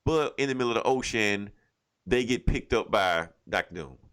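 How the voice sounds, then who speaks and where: A man's voice: lowish voice, animated, moderate pace, a bit bright, clean tone. A man co-hosting a casual podcast, animatedly retelling a comic plot and acting out the characters' lines with plenty of cursing. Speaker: podcast co-host. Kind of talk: casual comic book review chat.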